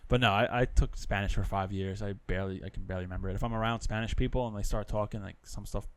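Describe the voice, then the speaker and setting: A man's voice: fairly low pitch, steady tone, quick pace, clean tone. A man who is a guest on a podcast, chatting casually in a blunt, profane way. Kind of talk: casual chat.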